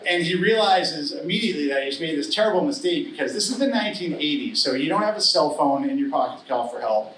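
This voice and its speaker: A middle-aged man with a fairly high voice tells a personal story on stage, wry and earnest with flashes of humor. His voice carries through a roomy hall from a distant mic, with faint room sound behind him. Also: lively intonation, fast talker, few pauses, a bit bright, a little hiss or hum. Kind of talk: live storytelling. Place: stage at a live story slam.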